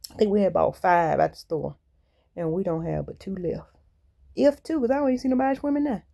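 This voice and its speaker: Vlogger, female, gravelly voice, rambling and blunt monologue to camera. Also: medium pitch, quick pace, mellow. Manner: rambling, candid and venting; colloquial and blunt. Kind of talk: casual monologue to viewers.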